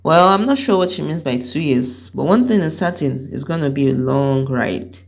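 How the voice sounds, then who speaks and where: A woman hosting her commentary channel, speaking slowly and ominously. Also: sits low, animated, vocal fry. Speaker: channel host. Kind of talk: dramatic commentary narration.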